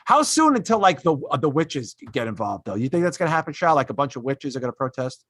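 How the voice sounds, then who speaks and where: A man hosts a casual comedy podcast, ranting in exasperation with plenty of fillers and restarts, and slips into mocking put-on voices whenever he quotes someone. His mid-range voice is very animated, fast and a bit bright, with no echo.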